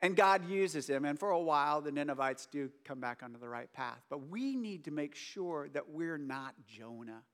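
High-voiced male preacher, conversational and jokey, talks straight to the room. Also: lively intonation, moderate pace, few pauses. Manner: joking, chatty asides to the audience. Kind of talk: casual conversational sermon.

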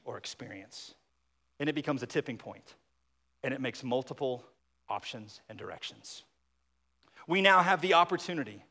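High-voiced preacher man in a reverberant hall. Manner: emphatic, drops to a hush on key points. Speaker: pastor. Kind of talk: sermon.

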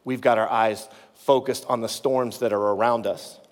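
A man preaching a sermon in a conversational way, dropping low and quiet to reassure. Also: fairly even intonation, normal speed, long reverb tail. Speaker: pastor.

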